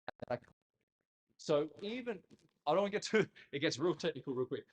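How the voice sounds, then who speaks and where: Animated, jokey male dance teacher. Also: fairly high pitch, fairly quick. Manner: animated, jokey and blunt, with mild swearing. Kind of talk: casual instructional talk. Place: dance studio.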